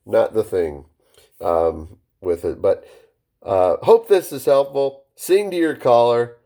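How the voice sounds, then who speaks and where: Animated, mellow-voiced male phone coach. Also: unhurried. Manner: varies pitch and speed on purpose, with many restarts. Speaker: network marketing phone-skills coach. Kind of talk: casual instructional talk to camera.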